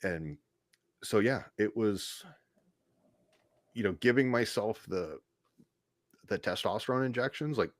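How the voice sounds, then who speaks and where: Male podcast guest, low-pitched, rambling self-deprecating storyteller, dead-dry mic. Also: animated, a little slow, long pauses, no room sound. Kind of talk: casual interview storytelling.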